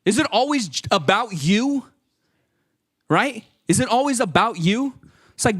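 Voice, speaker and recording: A young man preaching with a high, bouncing voice that leaps up and down as he acts out little scenes. He talks to his listeners in a loose, joking way, keeping the sermon casual and animated. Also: moderate pace, pauses often. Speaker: youth speaker. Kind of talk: lively sermon.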